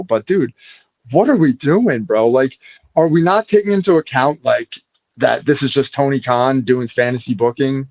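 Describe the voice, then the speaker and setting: A man's voice: mid-range voice, moderate pace, darkish tone, dry recording. Guest, late-30s man, laid-back bro talk, dull dry remote sound. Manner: laid-back, says bro and dude a lot. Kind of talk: casual live show chat.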